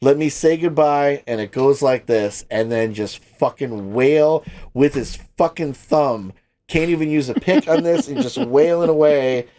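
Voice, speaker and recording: A man's voice: mid-range voice, animated, a little slow, warm tone. A man co-hosting a podcast in casual chat, laughing a lot and swearing freely. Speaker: podcast co-host.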